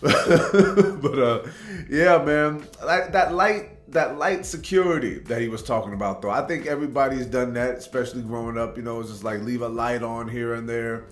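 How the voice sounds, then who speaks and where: A man's voice: medium pitch, moderate pace. A man from Tacoma, Washington, hosting a reaction video, telling rambling, laid-back stories and saying "man" a lot. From Tacoma, Washington, USA. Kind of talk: casual storytelling commentary. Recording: roomy echo with faint background music.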